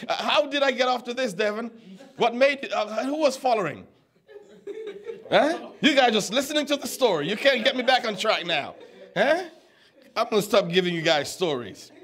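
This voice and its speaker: Casting note: man with a high voice, a pastor teaching from the pulpit in a loose storytelling way that stumbles over words. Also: very animated, moderate pace, fairly bright tone. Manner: conversational, stammers and repeats words, quizzes the congregation. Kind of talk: teaching sermon with stories.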